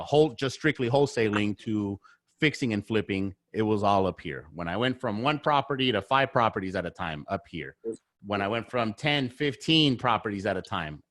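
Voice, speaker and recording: A man's voice: lowish voice, a bit bright, no room sound, clean studio sound. A man speaking as a podcast guest in a casual conversation, blunt and full of swearing, hammering his points with repeated phrases. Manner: blunt, heavy swearing, repetitive emphatic phrasing. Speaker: podcast guest, real estate investor.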